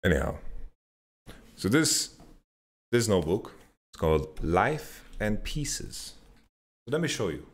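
A man hosting a podcast, telling a rambling story in an animated, sweary way and playing out his own thoughts. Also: slow pace, pauses often. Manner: animated storytelling, swears freely, mimics himself with pitch jumps. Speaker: podcast host. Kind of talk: casual rambling monologue.

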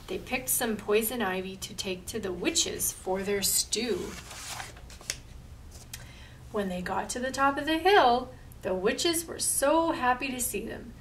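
Slow, gravelly woman reading a picture book. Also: a little high, a bit bright, far from the mic, slight background noise, low-quality recording. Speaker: library storyteller. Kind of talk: picture-book read-aloud.

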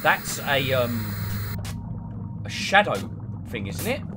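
A man's voice: mid-range voice, very animated, very slow. A young man doing let's-play game commentary, talking himself through a horror game and panicking and shrieking at the scares. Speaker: gaming YouTuber. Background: game music and sounds.

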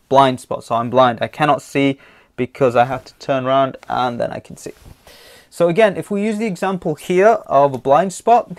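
A man teaching an online driving theory lesson, reading questions aloud in a chatty, jokey way with lots of fillers. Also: a little high.

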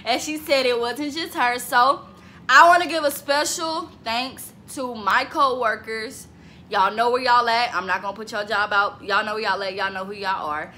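A woman of twenty chatting casually to camera in a vlog, lively and talkative, breaking into bits of song. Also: fairly high pitch, normal speed, a little hiss or hum. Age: 20s. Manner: chatty, animated, laughs and sings bits. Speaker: vlogger.

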